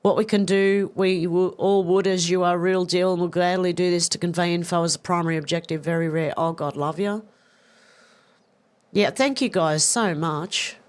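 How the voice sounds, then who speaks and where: Her voice is lowish, her pace moderate, and her intonation fairly even. She hosts a laid-back news livestream, reading viewers' comments out loud and replying in a chatty, self-deprecating way punctuated by frequent laughs.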